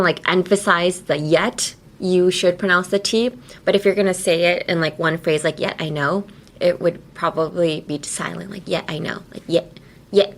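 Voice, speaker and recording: Giggly woman podcast host teaching English. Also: medium pitch. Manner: chatty and giggly, many "like" fillers. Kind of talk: casual teaching chat. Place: radio station studio.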